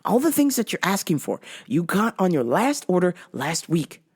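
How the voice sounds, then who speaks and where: A woman podcast host telling a story in a low-pitched voice, swearing freely. She talks with an exasperated edge, and her pitch swings widely as she acts out the call. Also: very animated, normal speed, darkish tone, slightly rough. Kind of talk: casual storytelling.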